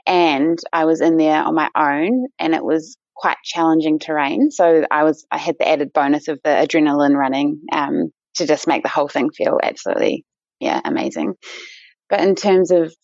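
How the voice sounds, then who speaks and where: A woman's voice: low-pitched, moderate pace, a little mellow, dry recording. A woman with a New Zealand accent, a guest in a casual interview, chatty with many fillers and restarts. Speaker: guest, endurance runner. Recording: dull lo-fi dry sound.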